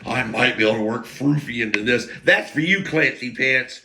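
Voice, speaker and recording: A man's voice: mid-range voice, normal speed, sharp tone, a little hiss or hum. A man telling rambling stories in a casual monologue, laughing between lines and drifting into asides and talk to himself. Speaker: podcast host telling stories.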